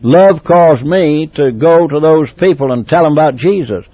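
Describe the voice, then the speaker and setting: A man preaches a testimony sermon, swinging between loud exclamations and hushed, tender moments while repeating phrases and restarting. His voice is a little high at normal speed, on a dry, tinny, phone-like tape with no echo.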